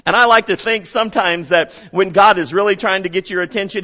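A man preaching a sermon as pastor, dropping to quiet passages and rising to loud emphasis while he asks the congregation questions. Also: sits high, fast talker, hardly any pauses, highs cut off.

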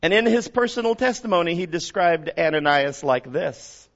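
A man with a high voice preaches a sermon from the pulpit. He sinks to near-whispers and then swells to loud emphasis, putting questions to the congregation. The recording is dull and lo-fi. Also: expressive, normal speed. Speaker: pastor.

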